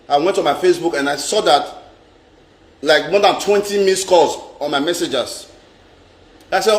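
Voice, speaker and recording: A man's voice: fairly high pitch, lively intonation, normal speed. A middle-aged Nigerian man telling a personal story in a vlog. He talks dramatically, repeats lines for emphasis and mixes in Pidgin. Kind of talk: animated storytelling monologue. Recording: roomy echo.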